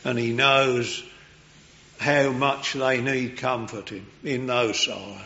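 A man preaching a sermon at a slow, unhurried pace, reverent and earnest. His voice is of middling pitch. The recording sounds muffled and lo-fi. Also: fairly even intonation, sharp tone.

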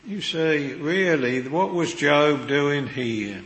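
Slow earnest preacher in echoey chapel. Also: male voice, on the high side, animated, fairly bright tone. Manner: slow, earnest, old-fashioned preaching with biblical quotations. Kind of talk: sermon. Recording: echoey hall with long reverb.

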